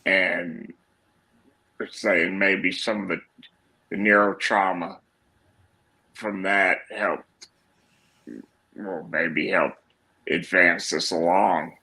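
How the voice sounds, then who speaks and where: A man co-hosting a casual chat, speaking in a slow, measured, thoughtful way. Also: low-pitched, fairly even intonation, pushed and bright, poor audio.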